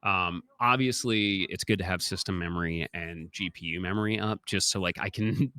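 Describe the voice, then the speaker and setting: A man's voice: lowish voice, bright, forceful tone, no room sound. A young man giving chatty, explanatory live commentary during a speedrun, with many filler ums.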